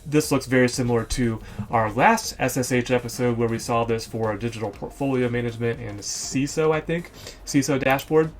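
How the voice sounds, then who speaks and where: At normal speed and in a mid-range voice, the host of a software store review show talks through a laid-back screen-share demo. He's chatty, thinks out loud, and frequently corrects himself with ums.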